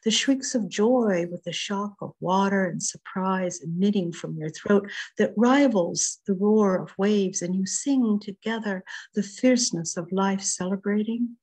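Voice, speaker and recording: A woman reading her own poems over a video call in a slow, measured way. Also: mid-range voice, slightly rough. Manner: slow, measured, softly rising and falling reading. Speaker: poet reading her work.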